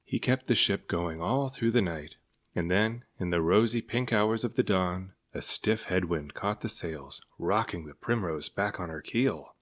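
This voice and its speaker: A man reading a children's picture book aloud in an expressive storytelling way. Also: deep voice, a little slow.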